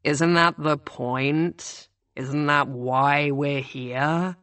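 A woman reading the part of a brusque, impatient young student with a deep voice. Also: steady tone, extremely slow, a bit bright, no echo, full character voice.

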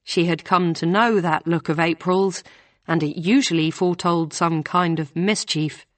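A woman reading a novel aloud in measured scripted narration. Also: fairly low pitch, dry recording. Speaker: audiobook narrator.

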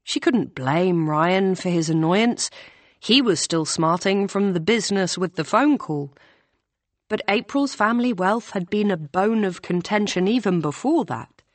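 A woman reading a novel aloud as audiobook narrator, in a measured storytelling manner. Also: mid-range voice, lively intonation, dry recording. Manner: measured, voices characters with small shifts. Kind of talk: scripted narration.

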